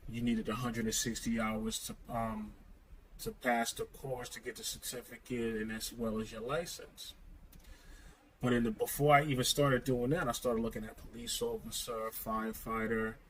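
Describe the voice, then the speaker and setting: A man's voice: medium pitch, fairly bright tone, slight background noise, rough recording. A man telling his own story to camera in a blunt, streetwise, candid way. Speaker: vlogger.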